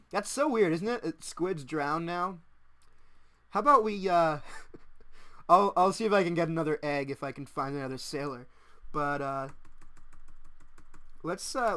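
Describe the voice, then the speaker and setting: A young man chatting casually as he narrates his own gameplay, excitable and quick to laugh. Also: fairly high pitch. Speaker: gaming channel host. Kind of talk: casual let's-play commentary.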